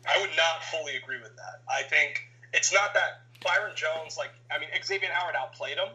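Male podcast host, bright tone, argumentative, pushes back hard. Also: on the high side, a little fast, low-quality recording. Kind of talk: casual sports debate.

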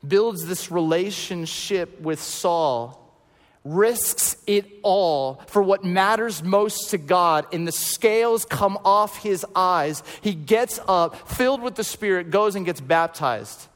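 Storytelling male pastor, fairly high voice. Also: expressive, slow pace, in a large hall. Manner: storytelling, swinging from loud to hushed. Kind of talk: sermon.

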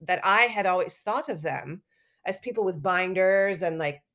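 Lively storytelling woman, lower voice. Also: normal speed. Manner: animated, acts out quotes with laughs. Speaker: guest artist and educator. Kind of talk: casual interview storytelling.

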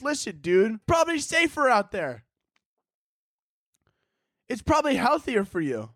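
A young man with a noticeably high voice hosts his podcast alone at home. He rants casually and profanely, slipping into mocking impressions of other people. The sound is close and dry, with no room around it. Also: huge pitch swings, unhurried, long pauses, fairly bright tone, no room sound. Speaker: podcast host. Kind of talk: casual solo podcast rant. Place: indoors at home.

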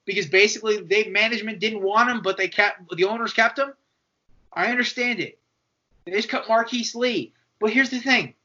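A man co-hosting a casual sports podcast, animated and argumentative, acting out quoted voices as he makes his point. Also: high voice, normal speed. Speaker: podcast co-host. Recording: dull lo-fi podcast audio.

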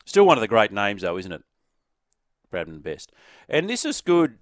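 An Australian man hosting sports talk radio, chatting quickly and inviting listeners to send in texts. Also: fairly low pitch, huge pitch swings, dry recording, studio quality. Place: radio studio. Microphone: studio microphone.

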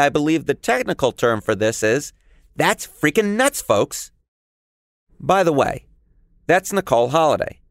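A young man with a New York accent narrates a podcast with a playful, jokey edge. His pitch swings up and down as he talks. The sound is dry and close. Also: no room sound. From New York area. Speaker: podcast host. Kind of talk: scripted podcast narration and chat.

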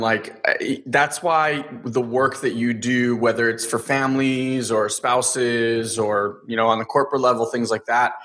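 Male interview host; crisp, bright voice; loose, filler-heavy conversation. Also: mid-range voice. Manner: chatty, many "like" fillers. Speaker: podcast host. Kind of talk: casual interview chat.

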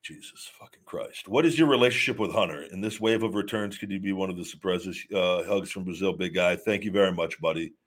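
A man's voice: deep voice, fast talker, hardly any pauses. A man hosting a live show, talking casually and emphatically with many restarts while reading viewer messages. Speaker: host reading super chats. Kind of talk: live-stream casual talk.

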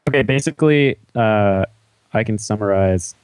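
A man's voice: on the low side, moderate pace, darkish tone, clear, resonant tone, no echo. A man summarizing in a casual, upbeat way on a podcast panel. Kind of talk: casual chat.

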